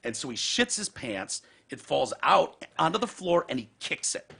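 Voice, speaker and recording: A man's voice: a little high, very animated, normal speed, vocal fry, sharp tone, slightly rough. A man hosting a podcast, telling a profane story in casual chat. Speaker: podcast host.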